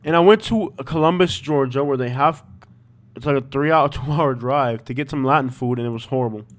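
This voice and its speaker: A man's voice: mid-range voice, a little fast. A man hosting a live stream, chatting casually and rambling with lots of fillers. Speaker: YouTube host.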